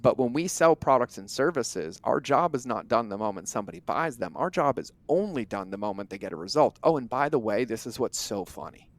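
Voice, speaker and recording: A man as a podcast guest, talking in an emphatic, animated way with casual language and occasional swearing. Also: medium pitch, fairly quick, few pauses, no echo. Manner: emphatic, animated storyteller who acts out quoted exchanges. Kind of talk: conversational interview talk.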